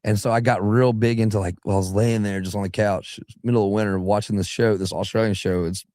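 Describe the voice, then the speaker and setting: A young adult singer from southeastern Alabama chats loosely as a guest on a radio show, rambling, restarting sentences, and occasionally slipping into put-on voices. His voice is fairly low and mellow with a steady tone, and he talks fast. The studio-quality audio has no room sound.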